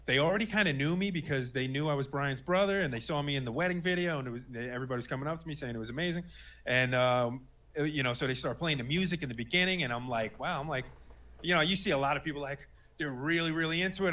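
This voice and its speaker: With a fairly high, fairly bright voice, a guest in his late thirties shares a personal story as casual spoken testimony. He is earnest and rambling, full of fillers and restarts.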